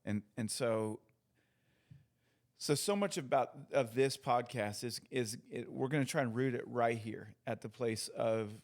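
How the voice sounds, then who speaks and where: A man's voice: mid-range voice, a little slow. A man co-hosting a faith podcast, reflecting in a teaching tone and repeating phrases for emphasis. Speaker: podcast co-host. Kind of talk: casual faith podcast chat.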